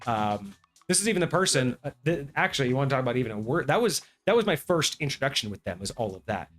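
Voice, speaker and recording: A man hosting a tabletop gaming talk show, ranting in a casual, animated way and swearing freely. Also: medium pitch, quick pace, faint music behind. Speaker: podcast host. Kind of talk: casual chat.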